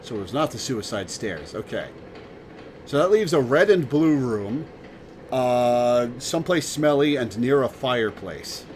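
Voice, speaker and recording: A man's voice: mid-range voice, expressive, unhurried, a little hiss or hum. A man streaming a video game, tossing out offhand, amused remarks as he plays. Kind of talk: casual game commentary.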